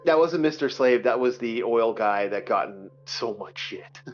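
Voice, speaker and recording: A man's voice: medium pitch, lively intonation, unhurried. A man co-hosting a podcast, ranting angrily in casual chat, swearing and restarting his sentences often. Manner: profane, heated ranting with many restarts. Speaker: podcast co-host. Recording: dull lo-fi audio.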